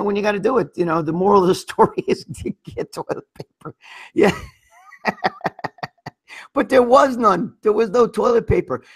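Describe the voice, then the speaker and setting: Raspy, profane middle-aged livestream man. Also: sits high. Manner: profane, rambling, lots of restarts and "you know what I mean". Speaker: livestream host reading viewer comments. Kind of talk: crude casual storytelling.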